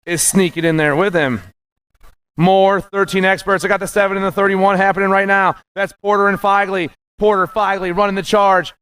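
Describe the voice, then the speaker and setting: A man calling live races as the announcer, excited and punchy, rattling off names and nicknames. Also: sits high, clear, resonant tone, no room sound. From USA. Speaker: race announcer. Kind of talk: live race commentary.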